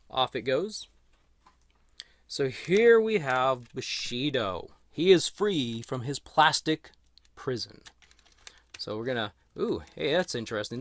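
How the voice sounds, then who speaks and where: A man with a mid-range, slightly bright voice does a chatty, easygoing toy unboxing and review. He talks to the camera while handling the figure, keeping the commentary casual.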